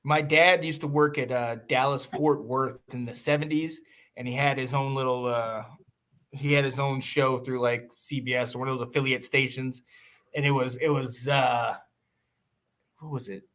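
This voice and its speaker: A man from the United States hosting a podcast, talking in a rambling, animated way with frequent laughs and restarts. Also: medium pitch, normal speed. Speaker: podcast host. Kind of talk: casual chat.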